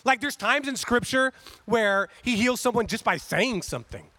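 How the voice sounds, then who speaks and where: A man with a high, bright voice preaches in a relaxed, chatty way, slipping into little acted-out voices for the people in his story. The sound is dry and close. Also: moderate pace, dry recording. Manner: conversational and animated, acting out quotes. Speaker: pastor. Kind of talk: casual sermon.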